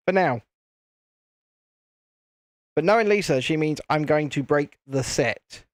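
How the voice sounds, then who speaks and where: A man's voice: fairly high pitch, measured pace, pauses often, no echo, clean studio sound. A British man hosting a live stream, chatting casually to viewers in a self-deprecating, easily flustered way. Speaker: channel host.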